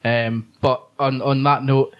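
A man's voice: mid-range voice, flat delivery, takes it slowly, highs cut off, very noisy. A man who plays in a pipe band, guesting on a podcast in rambling, laughing chat. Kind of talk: casual chat.

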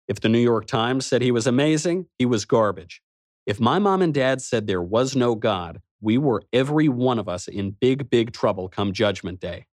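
A man's voice: lowish voice, no echo, studio quality. A man narrating a first-person story in a wry, snarky manner. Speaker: audiobook narrator.

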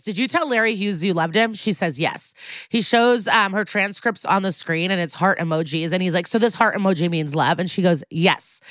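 A woman podcast host tells a TV episode's plot in a chatty, animated way, slipping into quick voices for each character. Her voice sits at a middle pitch. The sound is close and dry, with no room in it. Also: no room sound. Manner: chatty storytelling, acting out characters' lines. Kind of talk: casual recap of a TV episode.

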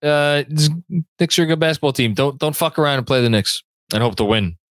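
A man hosts a sports fan podcast, reading viewers' comments aloud in a rambling way and often repeating words as he thinks. His voice is medium-pitched and brisk, with no echo.

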